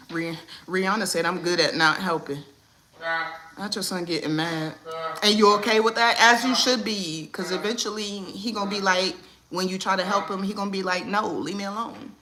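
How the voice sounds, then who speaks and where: A woman hosting a casual livestream from home. She talks in a playful, animated way, turning to her kids and greeting viewers by name. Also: medium pitch, normal speed, a little hiss or hum. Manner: animated, playful, talks to her kids and reads chat names mid-stream. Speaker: livestream host.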